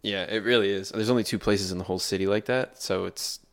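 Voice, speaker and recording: A man's voice: lowish voice, fairly even intonation, fast. A man telling a story in a laid-back way, full of filler words, as co-host of a casual podcast. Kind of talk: casual chat. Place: New York City area.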